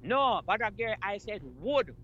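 A woman's voice: mid-range voice, lively intonation, normal speed, a bit bright. A Jamaican woman calling in to a radio show, telling a story in patois insistently. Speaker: caller. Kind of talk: phone-in chat. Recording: dull lo-fi phone line with faint noise.

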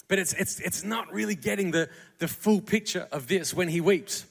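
A man preaching a sermon to a congregation, building from quiet, tender passages to fervent, shouted crescendos. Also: sits high, moderate pace, creaky. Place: church hall. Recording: long hall reverb.

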